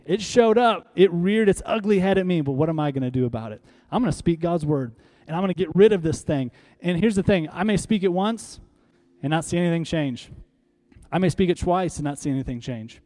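Pastor guy with a high voice preaching hard, asks lots of questions, gets the crowd to repeat after him. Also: animated, a little fast, dark tone. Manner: emphatic, rhetorical questions, leads congregation to repeat lines; uses props on stage while preaching. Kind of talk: sermon.

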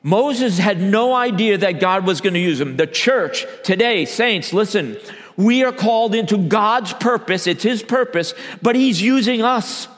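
A man, a church elder, preaching a sermon, swinging between loud emphatic bursts and low quiet asides. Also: expressive, a little slow, long reverb tail.

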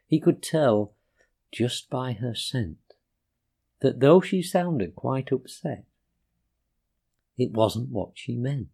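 A man reading rhyming children's poems aloud in a gentle, sing-song way. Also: mid-range voice, expressive, takes it slowly, creaky, long pauses, slightly rough. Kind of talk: rhyming storybook narration.

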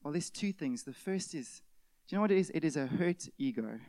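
A male pastor, preaching an animated sermon in which he acts out everyday scenes with sudden shouted outbursts. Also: a little high, a little fast, no echo.

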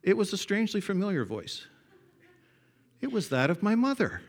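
An older man preaching a sermon, telling folksy stories that swing from hushed to loud. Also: high-pitched, sing-song, normal speed.

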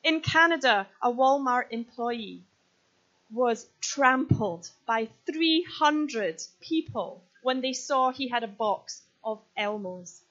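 Scottish woman in her 30s preaching, bit high voice, kinda muffled lo-fi recording. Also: slow. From Scotland. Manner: lively, joking, then earnest and urgent. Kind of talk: sermon with props and stories. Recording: slightly dull, lo-fi sound.

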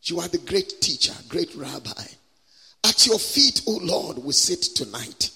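A man preaching with great passion, his voice high, bright and swooping widely from phrase to phrase. He draws his words out slowly in a stretched preaching cadence. The sound carries a long reverb from a large church hall. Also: sing-song, slightly rough. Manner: impassioned, drawn-out preaching cadence. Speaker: guest preacher. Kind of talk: sermon with prayer and call-and-response.

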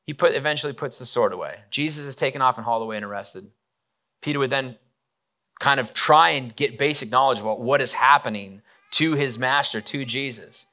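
Bright-voiced man preaching casually. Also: mid-range voice, brisk. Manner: casual, animated, many fillers and asides. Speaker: pastor. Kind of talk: conversational sermon storytelling.

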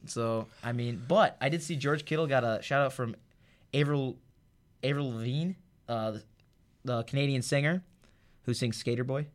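A young man co-hosting a sports podcast in a relaxed, chatty way. He rambles, circles back to repeat his point and wanders off on tangents. His voice sits at an ordinary, middle pitch for a man. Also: moderate pace, pauses often. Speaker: podcast co-host. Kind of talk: casual sports podcast chat.

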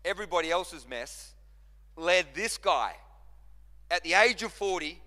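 A man's voice: a little high, lively intonation, moderate pace, pushed and bright. A man preaching a sermon as pastor, impassioned, repeating and restarting phrases as he drives his points home. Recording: long reverb of a large hall.

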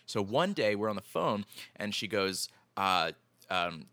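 A man's voice: low-pitched, expressive, normal speed, pushed and bright, no echo. A young man from the Philadelphia area, rambling through stories in casual podcast chat, swearing and laughing easily. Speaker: podcast guest.

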